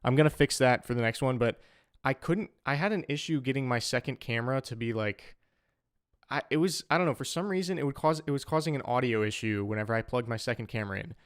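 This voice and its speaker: A young man chats casually with his livestream audience and greets viewers by name, rambling loosely as he goes. His voice is smooth and clear, with a mid-range pitch. It is recorded close and dry, with no room echo. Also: quick pace. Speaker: streamer and musician.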